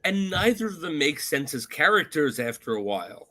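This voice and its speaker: A man co-hosting a casual movie podcast, animated and quick to laugh. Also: a little high, crowd noise. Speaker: podcast co-host.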